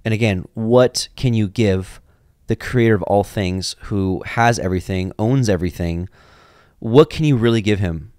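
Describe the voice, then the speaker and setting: A man's voice: on the low side, normal speed, darkish tone, clear, resonant tone, no room sound, clean studio sound. A man giving an informal, conversational Bible teaching, drifting off on side tangents and reading passages aloud. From grew up in a Jewish family. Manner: conversational, digressive, reads scripture aloud.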